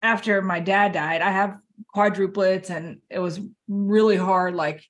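A woman's voice: medium pitch, fairly even intonation, unhurried. A middle-aged woman hosting a podcast interview, chatting casually and encouraging her guest. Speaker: podcast host.

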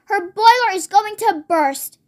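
Kid playing a panicky mum shrieking and wailing, really high voice. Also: unhurried. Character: frantic fussing mother, woman in her forties.

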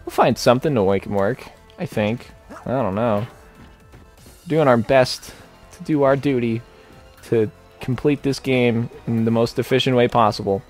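A young man with a mid-pitched voice chats loosely over his gameplay, cracking jokes and talking to the characters as he goes. His delivery is casual and rambling. Faint music plays underneath. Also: normal speed. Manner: joking, rambling, talks to the game characters. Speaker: let's play host.

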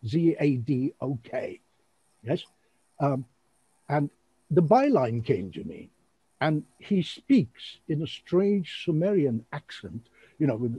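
A man hosting an online show, chatting casually in a rambling, animated way and laughing often. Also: medium pitch, breathy edge, no echo, dull audio. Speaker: show host and magician.

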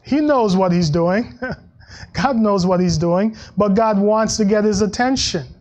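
Man, pastor, high-pitched, conversational sermon, repeats words, soft chuckles. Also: measured pace. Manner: conversational preaching with frequent restarts and soft laughs; acts out Bible quotes in a lower voice.

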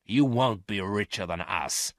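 A man voicing a scheming male space thief who speaks sharply and forcefully, in a dry, close recording. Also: on the low side, animated, a little slow, vocal fry, no echo. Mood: menacing.

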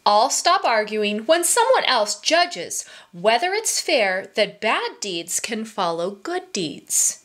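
A woman voices a kind-hearted male merchant in a children's storybook, protesting high and loud that things are not fair. The voice leaps upward and stays lively and slow, with every protest stretched out. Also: full character voice. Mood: indignant. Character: kind, indignant male merchant who insists on fairness.

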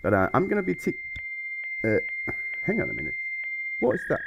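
A man's voice: high-pitched, sing-song, fairly quick, creaky, muffled recording, heavy background noise. A man hosting a comedic game playthrough, playful and mock-flustered as he rambles along. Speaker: YouTube gaming host.

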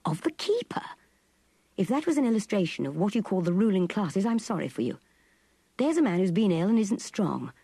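A woman voicing an indignant, passionate young wife in a storybook reading, with a very husky voice. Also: mid-range voice, sing-song, brisk, warm tone, no room sound. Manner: heated, reproachful.

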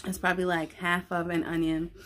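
A woman filming a casual mukbang at home, chatting to the camera held close to her face while she eats, relaxed and full of slang. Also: on the low side, fairly quick. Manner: relaxed, slangy, giggly, talks while eating. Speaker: mukbang vlogger. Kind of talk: casual eating chat to camera. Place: at home, indoors.

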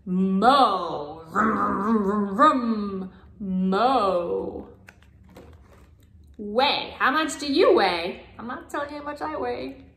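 A woman speech language pathologist modeling simple sounds and words for toddlers in a playful, sing-song, drawn-out way. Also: mid-range voice, vocal fry, fairly bright tone, roomy sound. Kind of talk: slow, exaggerated word modeling for toddlers.

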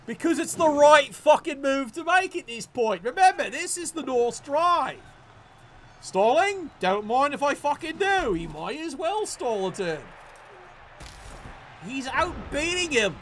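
A man commentating a tabletop-style video game match casually, excitable and profane, stammering when worked up. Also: extremely high pitch, a little slow, slight background noise.

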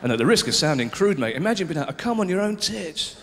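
A man doing live stand-up, swinging from loud mock outrage to low confiding murmurs. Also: big pitch swings, fast. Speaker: stand-up comedian. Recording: live hall recording with reverb and hiss.

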